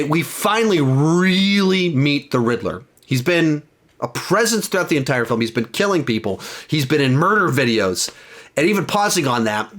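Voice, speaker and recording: A man's voice: mid-range voice, fairly bright tone. A young man giving a casual, rambling film review, retelling scenes and often correcting himself mid-sentence.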